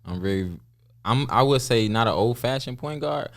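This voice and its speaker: A man talking casually as a guest on a podcast, plain-spoken and relaxed. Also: medium pitch, moderate pace, gravelly. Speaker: guest, pro basketball player.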